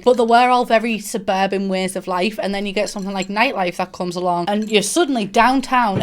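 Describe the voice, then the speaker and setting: A young woman from England with a Middlesbrough accent, chatting casually to camera about games in a bubbly, giddy and sarcastic way. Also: medium pitch. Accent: Middlesbrough English. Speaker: gaming YouTuber.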